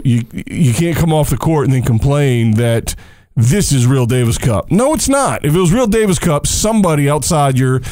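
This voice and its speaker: A man co-hosting a casual tennis talk show, who is also a coach, animated and jokey, firing off emphatic rhetorical questions. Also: medium pitch, no echo, studio quality. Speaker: tennis podcast co-host. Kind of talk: casual sports chat.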